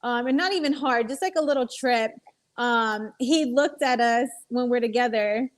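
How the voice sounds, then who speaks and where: A mother talking as a guest on a casual group video chat, hesitant and full of pauses and "um"s. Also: fairly high pitch.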